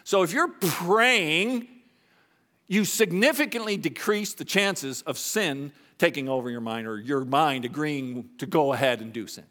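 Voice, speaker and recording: A pastor in his fifties preaching a sermon in a church, shifting between quiet confessional moments and raised emphatic points. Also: a little slow. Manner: animated preaching, swings between soft confessional lows and raised emphatic highs. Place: church sanctuary.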